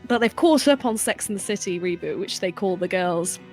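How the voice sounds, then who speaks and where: A woman's voice: medium pitch, expressive, a little fast, darkish tone, soft background music. A woman co-hosting a game stream, telling a rambling story in casual chat and laughing often. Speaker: stream co-host.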